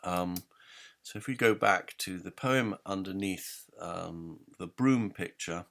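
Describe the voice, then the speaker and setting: A man giving an explanatory lecture, halting often with ums and reading quotations aloud. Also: low-pitched, gravelly, fairly bright tone. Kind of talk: explanatory lecture on literary history.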